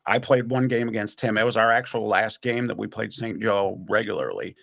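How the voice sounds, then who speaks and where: A man's voice: lowish voice, a little fast, creaky. A man chatting on a podcast, telling long stories and acting out other people's voices along the way. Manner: animated storyteller who acts out other people's voices. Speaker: podcast guest or host recalling stories. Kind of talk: casual podcast chat, storytelling.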